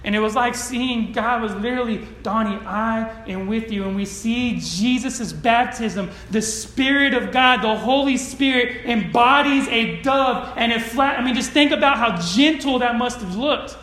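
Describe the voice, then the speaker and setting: Guy preaching in a church, pretty high voice, earnest then emphatic, lots of room echo. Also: normal speed, few pauses, pushed and bright. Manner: earnest storytelling, building to emphatic declarations. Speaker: pastor. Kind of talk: sermon. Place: church sanctuary with congregation.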